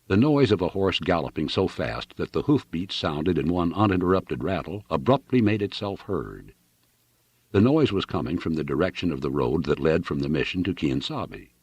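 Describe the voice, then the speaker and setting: A man's voice: low voice, very animated, normal speed, darkish tone, husky, no echo. A man reading a novel aloud with dramatic, varied storytelling. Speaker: audiobook reader. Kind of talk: novel narration.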